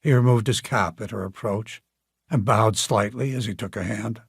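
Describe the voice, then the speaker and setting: A man narrating an audiobook in a calm, measured storytelling manner. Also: on the low side, vocal fry, husky, no room sound, clean studio sound. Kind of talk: scripted narration.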